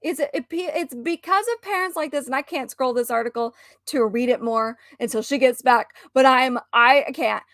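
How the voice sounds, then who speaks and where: A woman co-hosting a casual chat stream, ranting in an animated, exasperated way. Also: high-pitched, normal speed, no room sound, studio quality. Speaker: stream co-host.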